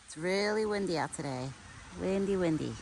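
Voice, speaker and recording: A woman chatting casually to camera outdoors while feeding a pet deer, cooing to it in soft baby talk. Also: fairly low pitch, lively intonation, moderate pace. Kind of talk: casual outdoor vlog chat. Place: outdoors in a windy yard. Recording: faint wind and outdoor noise.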